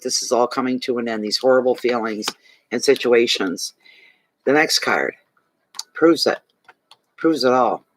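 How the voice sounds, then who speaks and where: A man's voice: mid-range voice, rough recording. A man giving a tarot card reading to a client, speaking emphatically and repeating key phrases to reassure her. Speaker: tarot reader.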